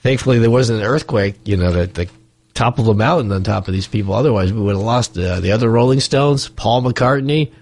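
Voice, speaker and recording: A man hosting a morning radio show in the studio, hoarse from a cold, talking in a wry, rambling way with joking asides. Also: fairly low pitch, brisk, darkish tone, dry recording. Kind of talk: casual radio banter.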